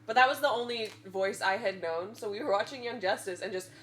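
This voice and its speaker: A young woman chatting casually during a charity game marathon, telling stories with animated quoted lines. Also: mid-range voice, a little fast, poor audio. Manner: animated storyteller, acts out quotes. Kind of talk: casual chat.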